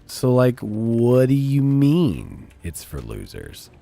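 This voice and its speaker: A man's voice: medium pitch, huge pitch swings, takes it slowly, creaky, mellow. A man streaming a game and chatting casually with viewers in a blunt, profane, rambling way. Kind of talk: casual chat while gaming.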